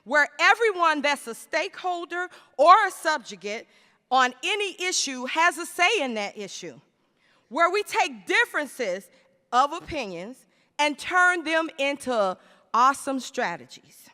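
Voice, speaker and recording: A woman delivers a conference speech from a podium microphone, rhetorical and emphatic, slowing to land her key phrases. Her voice sits high and rings bright. The sound carries the long tail of a large hall. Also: very animated. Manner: rhetorical, emphatic with slowed stresses. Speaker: conference speaker. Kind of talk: plenary speech. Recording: reverberant hall.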